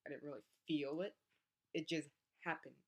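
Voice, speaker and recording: A woman's voice: low voice, normal speed. A young woman, a college athlete, telling a personal story in a casual vlog and acting out the voices of the people in it. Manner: animated, acts out voices in her story.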